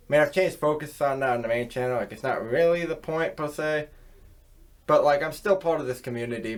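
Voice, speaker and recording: A man hosting his own channel, delivering a rambling, profane casual rant filled with fillers. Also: mid-range voice. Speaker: channel host.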